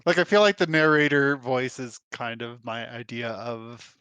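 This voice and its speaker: A man's voice: mid-range voice, normal speed, sharp tone, clean tone, no echo. A man running a tabletop game as game master, narrating with laughing, self-deprecating asides.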